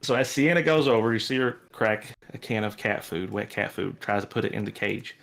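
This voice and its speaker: A man narrating a tabletop roleplaying game as game master, telling the scene in a relaxed way with frequent restarts. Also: on the low side, a little fast, vocal fry.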